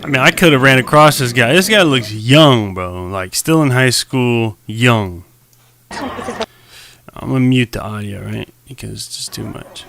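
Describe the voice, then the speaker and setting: A man's voice: mid-range voice, gravelly, fairly bright tone, slight background noise. A young man giving loose, slangy reaction commentary on a live stream, talking straight to viewers into a desk mic.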